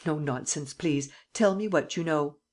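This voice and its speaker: An audiobook reader voicing a cunning, mocking gentleman thief who taunts and bargains, with a theatrical, triumphant manner. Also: medium pitch, unhurried, close to an everyday voice. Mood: stern. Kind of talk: audiobook character reading.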